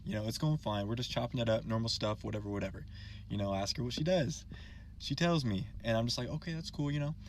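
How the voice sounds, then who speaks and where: Casting: easygoing man, mid pitch, chatty storyteller, faint hiss behind. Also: quick pace. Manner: chatty, laughing, tells a story. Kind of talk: casual storytelling.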